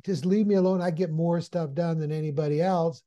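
A man's voice: on the high side, steady tone, a little fast, warm tone, close to an everyday voice. Man playing a hot-tempered office worker. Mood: grumbling.

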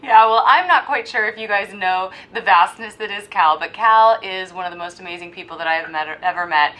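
A woman co-hosting a podcast, speaking in an effusive, expressive way, recorded at a hypnosis center. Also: mid-range voice, fairly quick, rough recording. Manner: warm praise, effusive, expressive. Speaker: podcast co-host. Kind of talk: casual podcast chat.

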